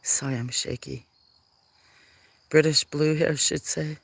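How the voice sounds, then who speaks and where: Creaky with a breathy edge, this medium-pitched voice moves slowly with fairly even intonation. A livestream host on a farm chats casually to viewers through a handheld phone during the cats' feeding time, cooing at them and now and then apologizing.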